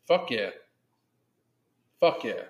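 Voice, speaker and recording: A man's voice: on the low side, sing-song, extremely slow, reverberant. A man in his thirties hosting a live podcast, swearing constantly in an angry, emphatic rant and reading chat comments aloud. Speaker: podcast host reacting to a video and live chat. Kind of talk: profane live-stream rant.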